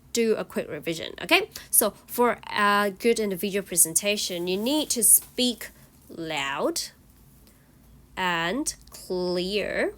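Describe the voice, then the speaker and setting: A woman's voice: mid-range voice, fairly bright tone. A woman with a Hong Kong English accent teaching an online speaking lesson to students, often checking in with "okay?". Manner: slow, encouraging, frequent "okay?" checks.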